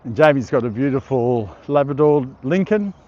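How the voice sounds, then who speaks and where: A man's voice: medium pitch, lively intonation, normal speed, darkish tone, highs cut off. A middle-aged Australian man hosting a casual live stream outdoors, reading viewer comments aloud and laughing often. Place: outdoor park.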